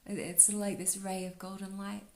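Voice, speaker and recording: A woman giving a relaxed spiritual card reading, talking softly and dreamily with lots of "like" and "you know.". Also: medium pitch, fairly quick, reverberant. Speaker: astrology and oracle card reader.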